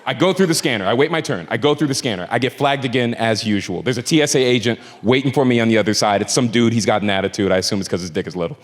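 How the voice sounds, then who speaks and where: On a comedy club stage before a live audience, a man tears through a stand-up story at a racing pace with few pauses, acting out quotes with growing exasperation. His voice is mid-range, and the roomy hall is filled with crowd laughter.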